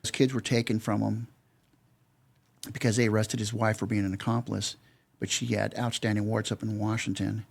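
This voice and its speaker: A man's voice: fairly low pitch, level tone, moderate pace, creaky. An older man telling a story as a podcast guest, plain-spoken and acting out both sides of past conversations. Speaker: podcast guest, security veteran. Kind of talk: casual storytelling.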